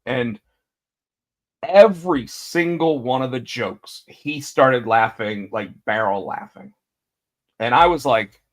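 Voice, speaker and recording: A man's voice: mid-range voice, takes it slowly. A man co-hosting a podcast, telling stories in a rambling, casual way and acting out the quotes. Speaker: podcast co-host. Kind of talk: casual chat.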